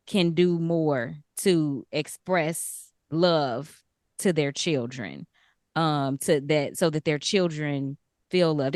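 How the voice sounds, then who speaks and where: A woman co-hosting a podcast interview, expressive and emotional. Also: sits low, no echo, studio quality. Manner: emotional, expressive, talks through tears. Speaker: podcast co-host. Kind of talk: casual interview chat.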